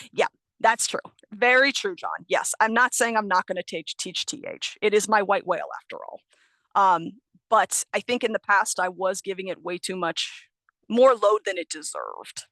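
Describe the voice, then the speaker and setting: A woman's voice: medium pitch, a bit bright, no echo. A young adult woman from the United States, an ESL teacher giving an online training talk, explaining patiently and correcting herself as she goes. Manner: explanatory, self-correcting, light laughs. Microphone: video call.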